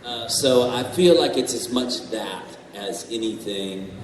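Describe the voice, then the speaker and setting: A man on a convention panel telling animated stories, swearing and laughing as he goes. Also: mid-range voice, a little slow, a little hiss or hum. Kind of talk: storytelling on a panel. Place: large convention hall. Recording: echoey hall, far from mic, faint ambience.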